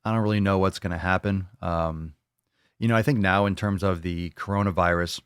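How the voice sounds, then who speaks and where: A man hosting a casual livestream podcast, joking and swearing loudly with hype-style bravado. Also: sits low, steady tone, a little fast, clean tone, no echo, clean studio sound. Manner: brash, joking, profane hype talk. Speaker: podcast host.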